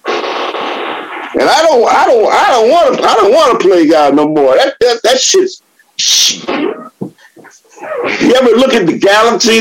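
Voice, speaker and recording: A man in his seventies sharing his personal story at a recovery meeting, cursing freely, laughing often and swinging between loud outbursts and quiet reflection. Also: high voice, rough recording. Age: 70s. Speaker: AA meeting speaker.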